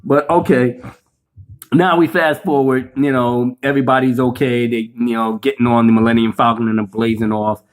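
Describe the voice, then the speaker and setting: A man doing a profane, animated film review rant, cursing freely and acting out the scenes he describes. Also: mid-range voice, moderate pace. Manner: animated, swears a lot, acts out scenes. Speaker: movie reviewer.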